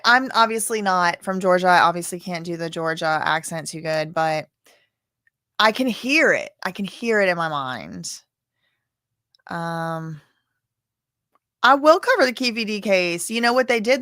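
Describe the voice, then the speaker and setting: A woman's voice: mid-range voice, lively intonation, measured pace, pushed and bright, dry recording, clean studio sound. A woman from Louisiana hosting a live stream about court cases, chatting and rambling as she talks straight to her viewers. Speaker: livestream host covering court cases. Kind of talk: casual live-stream commentary.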